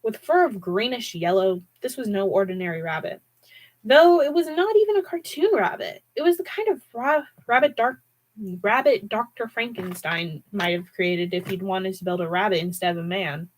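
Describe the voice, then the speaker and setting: Woman livestream reader for creepy fiction, mid-pitched, expressive and theatrical. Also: moderate pace, low-quality recording. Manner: dramatic with wide pitch swings, occasional restarts. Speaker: audiobook reader. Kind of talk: horror novel read aloud.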